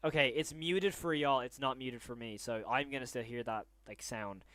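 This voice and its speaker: A young adult man hosting a casual livestream, excitable and openly emotional as he talks to viewers. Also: mid-range voice, normal speed, dry recording. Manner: excitable, then hushed and emotional. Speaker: livestream host.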